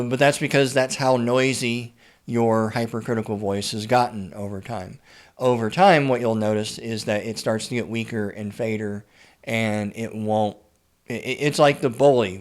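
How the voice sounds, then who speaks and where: A man's voice: medium pitch, steady tone, normal speed. Blunt, stammering man giving advice. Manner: frequent stammered word repeats; blunt, swears freely. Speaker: writer and therapist. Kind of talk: casual advice monologue.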